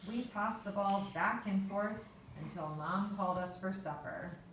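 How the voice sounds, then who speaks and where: A woman reading a children's story aloud in a measured, unhurried way. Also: mid-range voice, a bit bright, a little hiss or hum. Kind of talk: storybook narration. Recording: echoey room, voice from far off.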